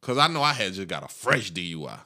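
A man's voice: deep voice, sing-song, fast, bright, forceful tone. A man in his thirties telling a long, profane story in casual chat, laughing and acting out the people in it.

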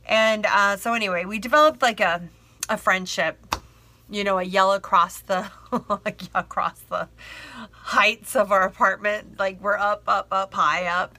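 A woman's voice: mid-range voice, bright, forceful tone, no room sound. A woman telling a personal story in a rambling, frank way with lots of fillers and the odd swear.

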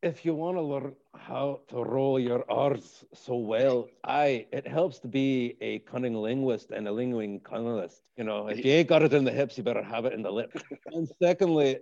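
A man's voice: medium pitch, gravelly, dark tone. A man hosting a podcast in casual chat, joking, swearing freely and laughing often. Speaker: podcast host. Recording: muffled lo-fi recording.

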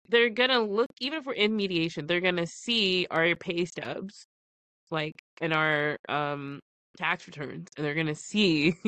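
This is a woman co-hosting a podcast, telling a personal story in casual chat. She acts out the quoted dialogue with lots of expression and laughs along the way. Her voice is bright and forward, and the recording is dry and close. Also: mid-range voice, dry recording. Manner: animated retelling with quoted dialogue and frequent laughs. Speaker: podcast co-host.

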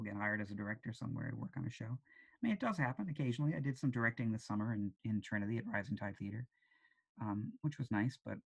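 A man, an actor and director, talking casually as an interview guest, thoughtful and hesitant, with frequent ums. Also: mid-range voice. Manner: thoughtful, with many ums and restarts.

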